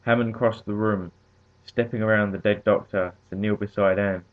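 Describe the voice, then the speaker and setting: A man narrates a story in a steady, measured way. His voice is very deep. The audio is narrow and phone-like. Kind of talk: story reading.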